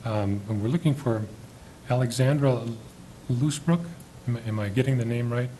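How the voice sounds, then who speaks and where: A man of middle pitch chairs a public school board meeting. His delivery is friendly and a bit halting, and he checks how to say names. A faint rumble sits under the recording. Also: steady tone, dark tone, rough recording. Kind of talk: meeting proceedings.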